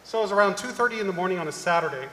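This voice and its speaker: A middle-aged man on a conference panel, telling an animated story and acting out the people in it. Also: high voice, racing, a little hiss or hum. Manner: animated anecdote-telling, acting out quoted voices. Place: large conference hall. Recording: echoey hall, live panel mic.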